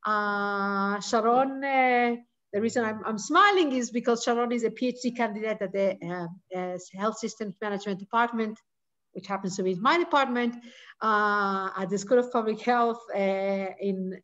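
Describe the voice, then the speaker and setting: A woman hosting a session and introducing a speaker over a video call, halting and full of fillers, smiling as she talks. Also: medium pitch, a bit bright. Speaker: session host. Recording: dull lo-fi video call audio.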